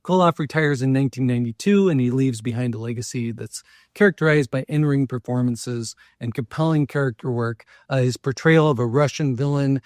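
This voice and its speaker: A man hosting a local history show tells stories in a relaxed, rambling way, dropping in fillers and small jokes. His voice sits at an ordinary middle pitch. The recording is dry and close, with no room sound. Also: a little fast, dry recording. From Minnesota, US. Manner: chatty, loose, frequent fillers and asides. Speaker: local history podcast host. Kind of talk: casual storytelling talk.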